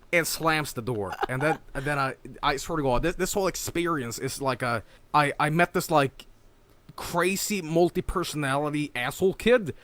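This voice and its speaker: A young adult man telling an animated, profane story, laughing often and acting out quotes in high voices. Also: moderate pace, no echo. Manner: profane and excitable. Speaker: streamer reacting to an animation.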